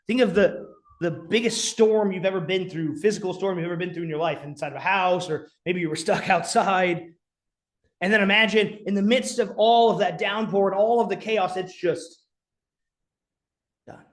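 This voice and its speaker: A man's voice: high voice, steady tone, moderate pace. A man preaching a sermon as pastor, earnest, sometimes dropping to a near whisper for emphasis. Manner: earnest preaching with dramatic quiet drops.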